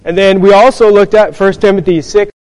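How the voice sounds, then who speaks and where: A man's voice: sits high, fairly even intonation, fairly quick, darkish tone, long reverb tail, poor audio. A man preaching a sermon, earnest and emphatic, putting rhetorical questions to his congregation.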